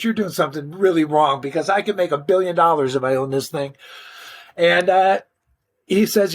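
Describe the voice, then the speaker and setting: An older man spins his stories in a loose, slangy way, often stumbling and restarting his sentences. His voice sits a little high for a man. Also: normal speed. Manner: animated, slangy, frequent restarts. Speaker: interview guest. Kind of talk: casual storytelling interview.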